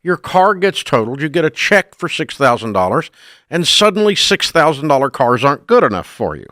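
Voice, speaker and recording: A man's voice: a little high, very animated, a little fast, pushed and bright, no echo, clean studio sound. A middle-aged man hosting a call-in radio advice show, speaking bluntly and emphatically and scolding bad choices.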